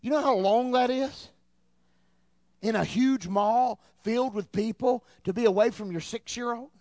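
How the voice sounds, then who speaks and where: A man in his thirties preaching a sermon in church, telling a story in an animated way and repeating words as he gets excited. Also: very high-pitched, moderate pace, dry recording, studio quality. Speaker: pastor.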